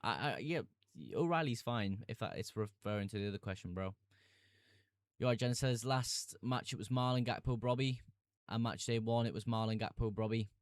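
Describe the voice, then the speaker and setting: A young man streaming fantasy football chats live in a relaxed, easygoing way, reading out viewer comments and laughing along. His fairly low voice is smooth and clear at normal speed, sounding close and dry with no room sound.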